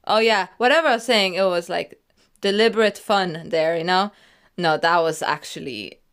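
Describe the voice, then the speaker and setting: A woman rambling casually over her own video, giggling often and drifting between loud excited bursts and quiet murmured asides. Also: lowish voice.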